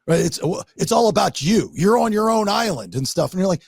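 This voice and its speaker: A man hosting a podcast, telling stories in a lively way and acting out what people said, with some swearing. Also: sits high, fairly quick, creaky, breathy edge, no echo, studio quality. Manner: animated storytelling, swearing, acts out quotes. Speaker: podcast host. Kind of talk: casual podcast chat.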